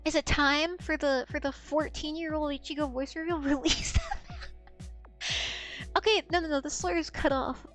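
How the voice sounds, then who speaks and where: A woman's voice: high voice, steady tone, normal speed, a bit bright, faint music behind. A young woman streamer chatting candidly in a loose, rambling way that often trails off. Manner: rambling, candid, trailing off into repeated "I don't know". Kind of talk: casual stream chat.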